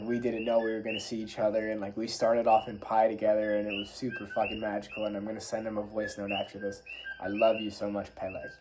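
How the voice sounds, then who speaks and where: A young man telling a casual, animated travel story, full of swearing and spiritual talk. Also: on the low side, noisy background. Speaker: travel vlogger.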